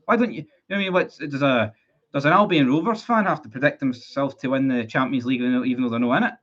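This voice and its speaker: Scottish male fan streamer, mid-pitched, heated sweary rant, dull lo-fi audio. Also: fast talker, fairly bright tone. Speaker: football fan livestreamer. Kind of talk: ranting live stream chat.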